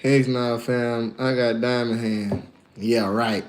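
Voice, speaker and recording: Slangy, animated man streaming. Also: medium pitch, slow. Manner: animated, slangy, storytelling with put-on voices. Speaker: livestreamer and musician. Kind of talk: casual livestream chat.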